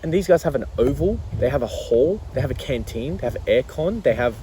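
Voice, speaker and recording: A young man from Iran, telling stories in a laid-back, animated way with casual slang during an outdoor interview. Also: mid-range voice, brisk, a little hiss or hum, low-quality recording. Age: young adult.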